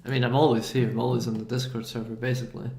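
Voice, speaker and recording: A man hosting a casual livestream about his animation work, talking in a low-key, joking way. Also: little pitch movement, mellow, slight background noise. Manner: laid-back, deliberately low-key, joking. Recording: roomy room sound with faint music.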